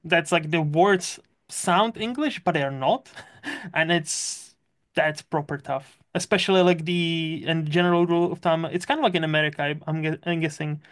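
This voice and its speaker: Podcast host, chatty and laughy, mid pitch voice. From Czech Republic. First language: Czech. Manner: chatty, laughs often, quick asides. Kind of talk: casual chat.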